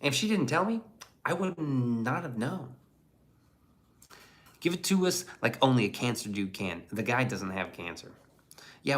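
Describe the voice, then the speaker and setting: A man's voice: fairly low pitch, fairly bright tone. A man hosting a casual livestream and reading the chat aloud, in a blunt, profane and rambling way.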